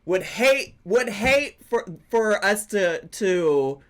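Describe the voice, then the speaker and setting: A man's voice: sits high, lively intonation, slow. A man hosting a reaction video, giving sarcastic commentary and laughing often between his remarks.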